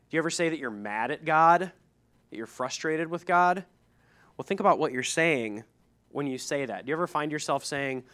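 A man's voice: mid-range voice, fairly bright tone. Guy preaching, middle-aged, chatty and plainspoken, reads verses then riffs on them. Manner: conversational, with asides and restarts. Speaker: pastor. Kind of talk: sermon reading and explaining scripture.

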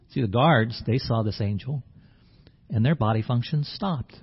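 A man's voice: mid-range voice, animated, moderate pace, breathy edge, muffled recording. A man preaching a sermon in a conversational way, acting out the scene and often restarting his words. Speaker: pastor.

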